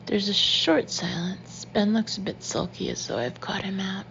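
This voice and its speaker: A woman reading a first-person story aloud in an intimate, often hushed and breathy manner. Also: medium pitch, normal speed, muffled recording, slight background noise. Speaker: audiobook narrator. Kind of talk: first-person audiobook narration.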